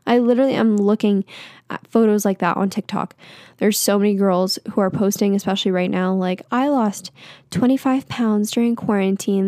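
A woman's voice: mid-range voice, dark tone, no room sound. A young woman in her twenties talks alone into a podcast microphone at home, chatty and candid. She pokes fun at herself and scatters fillers through her talk. Her voice sits mid-range and sounds close and dry. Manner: candid, self-deprecating, chatty with many fillers. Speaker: podcast host. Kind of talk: casual solo podcast monologue.

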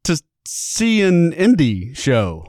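A man's voice: a little high, wildly swooping pitch, slow pace, a little mellow, dry recording, clean studio sound. A man hosting a casual music podcast, telling a rambling story and laughing often. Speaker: podcast host. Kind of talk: casual chat.

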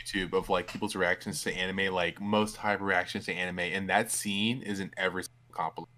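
A man's voice: deep voice, fairly even intonation, fairly quick, bright, forceful tone. A man co-hosting a casual podcast, eagerly cutting in on the others. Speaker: podcast co-host.

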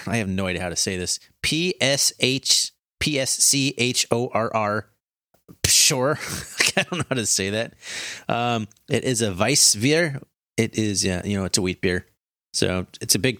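Laid-back low-voiced podcast co-host. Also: male voice, no room sound, studio quality. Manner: relaxed, joking, laughs often. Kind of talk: casual chat.

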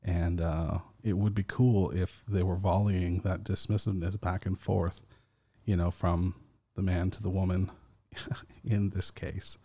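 Slow, gravelly-voiced male podcast host. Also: low voice, level tone, warm tone, no echo. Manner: slow, rambling, with filler words and chuckles. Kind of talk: casual solo podcast talk.

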